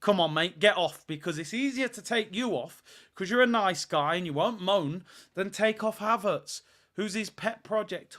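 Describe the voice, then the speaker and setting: A man's voice: sits high, moderate pace, a bit bright. A man, hosting a live football watch-along and ranting in exasperation and sarcasm.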